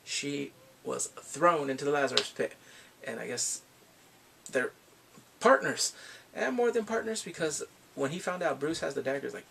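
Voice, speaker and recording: A man giving a casual, animated episode recap as a reviewer, acting out scenes as he goes. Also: a little high, normal speed, creaky, husky, recorded from a distance. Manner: animated, acts out scenes with laughs. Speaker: show reviewer.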